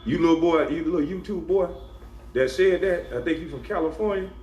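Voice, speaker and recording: A man's voice: fairly high pitch, brisk, a little mellow. Man ranting confrontationally in an echoey room. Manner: confrontational, scolding, emphatic. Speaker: YouTuber. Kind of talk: ranting monologue to camera. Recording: echoey room with faint background hum.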